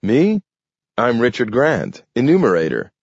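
An easygoing, friendly grown man with a lively, rising and falling voice, as a male narrator reads him. The audiobook recording is dull and lo-fi, with no room sound. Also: mid-range voice, a little slow, slightly rough, dry recording, voice pushed up, full character voice. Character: easygoing adult man, a census taker.

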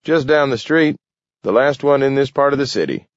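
A garrulous old war veteran speaks in a raised, lively voice, all folksy rambling and excitable asides, as put on by a man reading a storybook. The recording is dull and dry. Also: mid-range voice, moderate pace, no room sound, voice pushed up, natural voice.

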